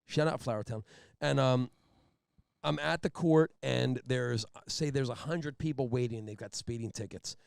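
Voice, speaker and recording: A man's voice: medium pitch, moderate pace, gravelly, clean tone, no echo, studio quality. A man co-hosting a podcast, telling a story in casual chat and acting out the people in it. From Philadelphia area, Pennsylvania. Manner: animated storyteller who acts out the people he quotes. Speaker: podcast co-host.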